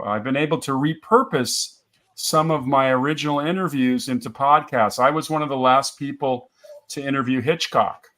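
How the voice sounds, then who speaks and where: A man's voice: mid-range voice, a bit bright. Older man, storytelling guest, chatty, laughs often, casual interview talk. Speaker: interview guest, film writer and podcaster.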